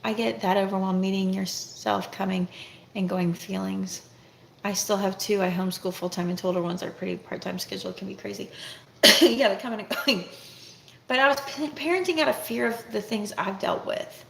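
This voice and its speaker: A middle-aged woman chats candidly to her camera, rambling and thinking aloud as she goes. Her voice has a gravelly edge and sits in a middle range. The room is echoey, with a faint hiss behind her. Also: mid-range voice, fairly even intonation, moderate pace, fairly bright tone. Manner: candid, rambling, self-reflective. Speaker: vlogger, homeschooling mother. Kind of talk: casual talk to camera.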